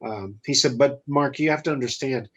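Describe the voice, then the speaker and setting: A man with a mid-range voice and a breathy edge talks briskly, and the recording has its highs cut off. As a guest entrepreneur in a casual interview, he tells a personal story with blunt, animated delivery, acting out the quoted dialogue.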